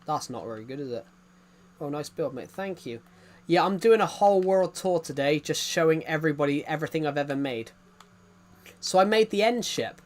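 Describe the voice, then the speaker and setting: A man's voice: fairly high pitch, expressive, brisk. A young British man streaming a game, giving a rambling casual tour with lots of fillers and restarts. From Britain.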